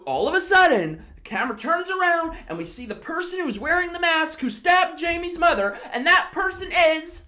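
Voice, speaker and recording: Tipsy woman, lively swearing movie recap. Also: very high voice, measured pace. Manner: animated, swearing, exclamatory storytelling. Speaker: host. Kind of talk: drunk comedic movie recap.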